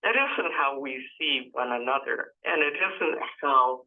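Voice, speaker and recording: An older Canadian woman giving a webinar talk, telling a personal story slowly and deliberately, with emphatic repetition and a gravelly voice. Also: rumbling low, lively intonation. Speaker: webinar speaker. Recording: tinny phone-like audio.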